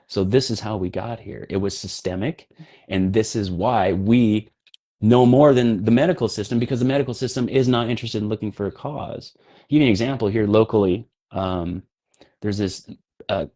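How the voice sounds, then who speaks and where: A man's voice: on the low side, darkish tone. A man on a podcast, telling stories bluntly and swearing as he talks. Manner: blunt, profane storytelling. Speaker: podcast guest, health coach. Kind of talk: casual podcast conversation.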